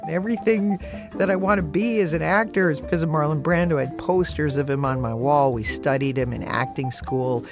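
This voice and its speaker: A woman actor telling a personal anecdote in a lively storytelling manner, her voice leaping upward for emphasis and laughing through some lines. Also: sits low, brisk, music in the background.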